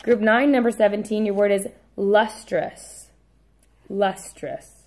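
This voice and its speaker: Woman teacher reading out a spelling list for her class; slow, repeats each word, quick apologetic corrections, mid-range pitch. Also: fairly even intonation, a little mellow. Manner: says each word slowly, repeats it, adds brief asides. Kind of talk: dictating a spelling test.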